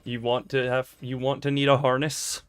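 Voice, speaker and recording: A man's voice: mid-range voice, flat delivery, moderate pace, clean tone, no room sound. A man streaming a card game, chatting casually with his viewers in a playful, rambling, self-mocking way. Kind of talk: casual livestream chat while gaming. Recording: dry close mic with faint game music.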